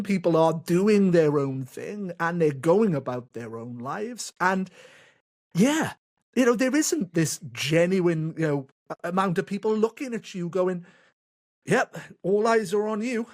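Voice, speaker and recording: Male podcast host, fairly high voice, loose rambling chat. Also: lively intonation, a little slow, a little mellow. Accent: non-American. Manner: rambling, many fillers. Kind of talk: casual interview chat.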